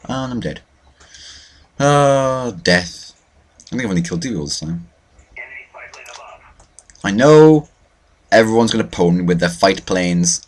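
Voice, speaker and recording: A man's voice: fairly low pitch, lively intonation, a little slow, long pauses. A young man hosting a let's play, commentating his own matches with self-mocking, mock-boastful trash talk. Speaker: gaming channel host.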